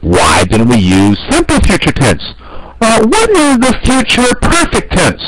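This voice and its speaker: Lively man teaching English grammar. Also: sits high, unhurried, low-quality recording. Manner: explanatory, frequent "okay?" checks. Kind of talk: grammar lesson.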